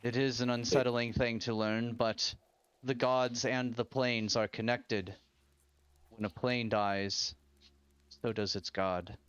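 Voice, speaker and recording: A man voicing a solemn dwarf temple leader who speaks slowly and gravely. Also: fairly even intonation, a bit bright, no echo, muffled recording. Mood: grave, somber. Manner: slow, low, somber and measured.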